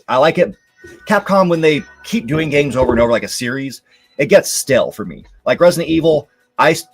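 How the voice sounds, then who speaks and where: A man's voice: medium pitch, husky. Casual rambling man hosting a live show. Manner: relaxed, rambling, lots of fillers. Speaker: show host. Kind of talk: casual live-stream commentary.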